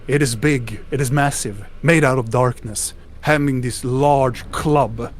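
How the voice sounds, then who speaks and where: A man's voice: mid-range voice, a little slow, a little hiss or hum. A man narrating a tabletop game as game master, describing scenes with frequent restarts.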